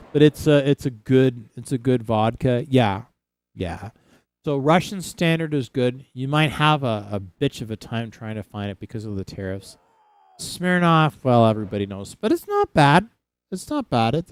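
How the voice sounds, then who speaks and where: Smooth-voiced man rambling on a livestream. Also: mid-range voice, no room sound. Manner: rambling, restarts often, chats with viewers. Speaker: livestream host. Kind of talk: casual livestream chat. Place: home in Saskatchewan.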